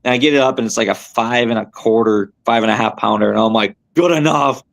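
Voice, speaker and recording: A young man, a tournament angler, telling a story as a podcast guest in a rambling, animated way with many fillers and restarts. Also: on the low side, fast talker, gravelly. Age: young adult. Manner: animated, rambling, lots of fillers and self-corrections.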